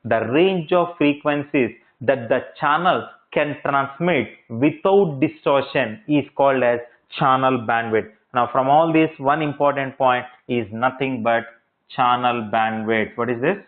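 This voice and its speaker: A man's voice: medium pitch, unhurried. A male lecturer teaching in a classroom, repeating points and checking understanding with rhetorical questions. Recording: tinny phone-like audio.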